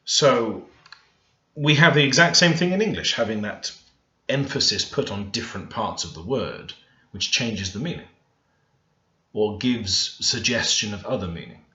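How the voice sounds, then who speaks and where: A man with a fairly low, expressive voice and a sharp tone talks a little slowly while teaching grammar as a language learner. Over a screen recording, he thinks out loud and stresses the words in his example sentences. The audio is dull, lo-fi and echoey.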